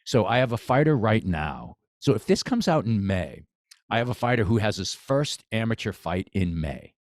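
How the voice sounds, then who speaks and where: Deep-voiced enthusiastic boxing coach. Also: male voice, very animated, normal speed, darkish tone, dry recording, studio quality. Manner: enthusiastic, repeats phrases, many restarts. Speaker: podcast guest, boxing coach. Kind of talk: casual podcast conversation.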